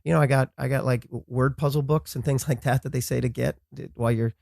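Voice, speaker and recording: A man as a podcast guest talking casually, often halting and restarting his words. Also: medium pitch, fairly even intonation, vocal fry, darkish tone, dry recording, clean studio sound. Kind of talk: casual conversation.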